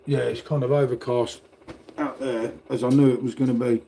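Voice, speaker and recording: This middle-aged British man speaks at a moderate pace in a level, warm, mid-range voice with vocal fry, over slight background noise. He is livestreaming from home near a radiator, reading chat and chatting casually, rambling, laughing and swearing.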